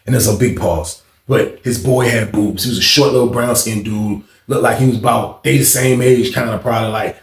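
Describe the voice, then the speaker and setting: A man's voice: medium pitch, fairly even intonation, brisk, few pauses, roomy sound. A man telling a story in a casual, slangy, profane way and talking to his viewers as "y'all".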